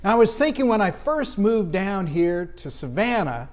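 A man's voice: high voice, very animated, moderate pace. A middle-aged man from Canada with a Canadian accent, preaching a sermon in a folksy, storytelling way and acting out voices. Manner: folksy, acts out voices in his stories. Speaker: pastor.

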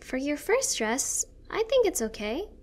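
Woman doing a bubbly high teen girl. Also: very animated, unhurried. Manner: bright, eager, fussing. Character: cheerful bubbly teenage girl, caring big sister. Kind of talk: storybook reading.

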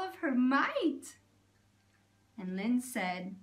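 Slow, animated woman storyteller. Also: a little high. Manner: animated, making animal noises and pointing out pictures. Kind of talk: reading a picture book aloud to children.

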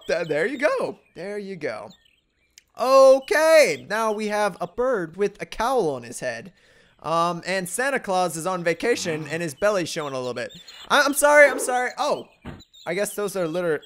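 A young man hosting a let's play, reacting animatedly and goofily, often laughing as he clicks through a game. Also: sits high. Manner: animated and goofy, often laughing and doing silly voices for characters. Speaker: gaming video host.

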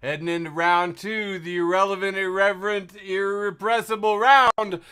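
A man's voice: high voice, steady tone, normal speed, bright, forceful tone, smooth. A man hosting a casual podcast, reading memes aloud with a wry tone and laughing often. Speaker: podcast host.

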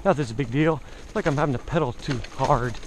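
A man's voice: medium pitch, quick pace, noisy background. A man from the Southern US with a mild Southern accent, chatting casually to the camera as he rides a bicycle outdoors, rambling and poking fun at himself. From Southern United States. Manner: rambling, chatty, self-mocking. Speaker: travel vlogger.

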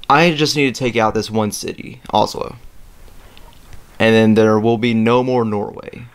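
A young man hosting a let's play, rambling casually with lots of fillers and throat clearing as he plays a strategy game. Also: on the low side, fairly even intonation, unhurried. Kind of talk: casual gameplay commentary. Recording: faint game music behind.

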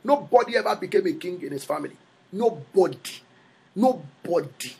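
Gravelly, high-voiced Yoruba-accented preacher. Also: male voice, expressive, fairly quick, darkish tone. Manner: switches between English and Yoruba, repeats phrases for emphasis. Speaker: prophet preaching. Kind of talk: sermon.

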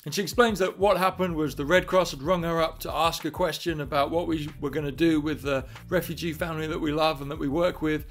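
Church guy telling a bible story, voice a bit high, gets loud then quiet. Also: a little fast, few pauses, faint music behind. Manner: animated, swings between quiet and loud. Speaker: church leader.

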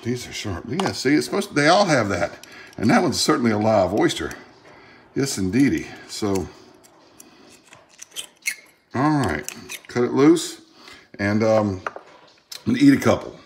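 A middle-aged man from the Gulf South, Southern accent and all, tastes food in a casual home cooking vlog, speaking folksily and thinking aloud as he goes. His medium-pitched voice is very animated but a little slow, with frequent pauses and a little hiss or hum.

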